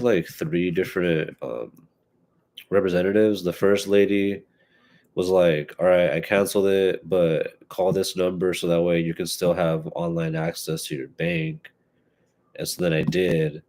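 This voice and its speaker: A young man with a stuffy nose hosts a live solo podcast in a very low voice. He rambles through casual chat, swearing freely and stopping to restart his sentences. His talk is loose and unscripted. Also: a little mellow. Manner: rambling and profane, with many fillers and restarts. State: stuffy from allergies. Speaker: podcast host.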